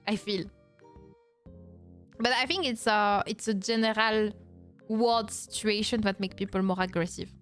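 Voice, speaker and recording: A woman's voice: medium pitch, fairly even intonation, unhurried, long pauses, fairly bright tone, clean tone, faint music behind. A woman from France with a French accent, chatting casually on a live Q&A stream, reading chat and laughing often. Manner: reads chat aloud, laughs often, playful teasing. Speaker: vtuber streamer.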